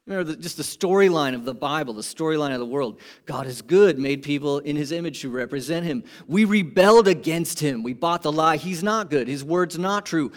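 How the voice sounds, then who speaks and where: A man's voice: expressive, fairly quick, hardly any pauses. Impassioned male preacher. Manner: impassioned, swings from loud emphatic peaks to quiet low asides. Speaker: pastor. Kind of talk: sermon.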